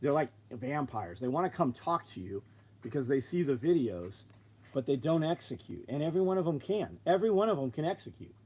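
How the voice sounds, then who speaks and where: A man's voice: medium pitch, brisk, breathy edge. Profane, blunt man telling stories. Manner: profane, animated, acts out both sides of conversations. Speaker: business owner on a live stream. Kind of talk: blunt casual storytelling.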